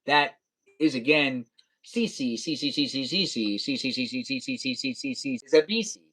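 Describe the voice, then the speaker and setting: A man's voice: mid-range voice, expressive, normal speed, sharp tone. A young man live-streaming a racing game, chatting casually and playfully with viewers and slipping into silly sing-song noises.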